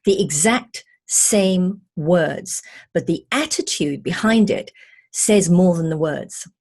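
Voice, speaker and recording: Husky-voiced woman giving an emphatic lesson. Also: fairly low pitch, takes it slowly, a little mellow. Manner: emphatic, playful teacherly delivery. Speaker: communication trainer. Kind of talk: recorded training lecture.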